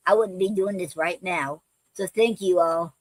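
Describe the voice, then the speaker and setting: A woman's voice: fairly low pitch, unhurried, no room sound, rough recording. A woman hosting a poetry livestream, chatting casually with many ums and restarts and calling her viewers family. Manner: affectionate toward viewers, calls them fam.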